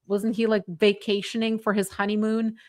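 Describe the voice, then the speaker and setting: A woman from Canada hosts a casual livestream from her home. She talks in a chatty way, laughs often and reads viewer comments out loud. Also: medium pitch, level tone, normal speed. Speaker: livestream host.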